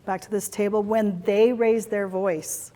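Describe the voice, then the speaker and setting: A woman's voice: medium pitch, fairly even intonation, unhurried, mellow. A woman corporate trainer leading a workshop for a retreat audience, encouraging and conversational, acting out playful examples. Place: retreat venue meeting room. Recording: long reverb of a hall.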